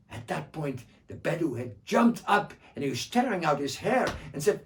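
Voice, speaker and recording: A man performing traditional folk tales as a storyteller, rhythmic and repetitive, often clearing his throat. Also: on the high side, lively intonation, normal speed, few pauses, slight background noise. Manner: rhythmic, repeating phrases, frequent throat-clearing. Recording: distant mic.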